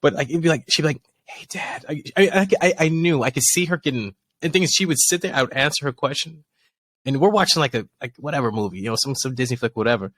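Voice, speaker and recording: A man's voice: medium pitch, animated, quick pace, fairly bright tone, dry recording, clean studio sound. A man in his thirties, a podcast co-host telling a long story in a loose, rambling way full of fillers and restarts. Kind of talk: casual chat.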